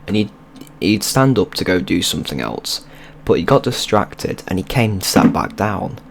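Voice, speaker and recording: A man's voice: sits low, expressive, moderate pace, creaky, background noise. A young man, telling a rambling, sweary story in casual vlog style over gameplay. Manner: rambling, sweary and loose, with many restarts. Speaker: video creator.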